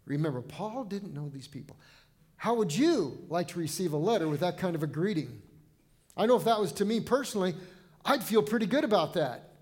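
A man's voice: high voice, expressive, a little fast. A man pastor delivering a sermon in an earnest, conversational way, often restarting his phrases as he thinks aloud.

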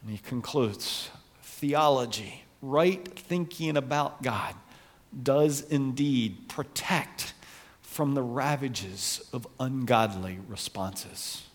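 A man's voice: mid-range voice, takes it slowly, big-room sound. A man preaching a sermon in an earnest way that rises to passionate emphasis. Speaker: pastor.

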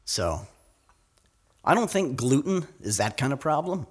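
A man's voice: medium pitch, big pitch swings, unhurried, slightly rough. A man co-hosting a casual podcast, chatting and reading out event listings. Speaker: podcast co-host. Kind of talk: casual chat with announcements.

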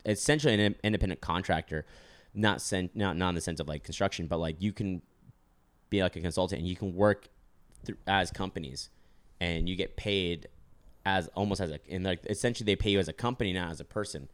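A man's voice: low-pitched, fairly quick. A young man hosting a podcast, chatting casually with plenty of fillers and jokes. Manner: rambling, filler-heavy, joking. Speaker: podcast host. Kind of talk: casual chat.

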